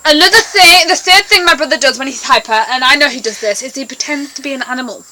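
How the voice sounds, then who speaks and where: A woman's voice: high voice, fast, sharp tone, slight background noise, poor audio. A woman chatting casually to camera as a vlogger, bossy and talkative toward her brother.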